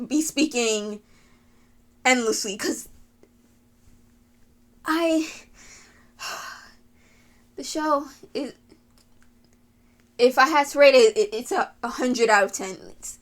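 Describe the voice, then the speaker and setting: A woman's voice: high-pitched, fairly bright tone. A woman giving a rambling, gushing anime rant, with frequent sighs, laughs and fillers. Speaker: anime video creator.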